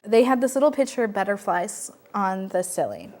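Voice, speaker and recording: A woman's voice: mid-range voice, sing-song, a little mellow. Reflective woman recounting a personal story. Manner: reflective, halting, with fillers. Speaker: interviewee sharing personal story. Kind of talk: personal testimony.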